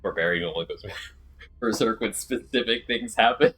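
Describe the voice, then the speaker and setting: A man's voice: fairly low pitch, moderate pace, bright, forceful tone, slightly rough, faint music behind, poor audio. A man streaming a game, chatting casually and joking while reading viewer comments aloud. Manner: jokey, riffing and reading chat aloud. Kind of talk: casual chat with live chat.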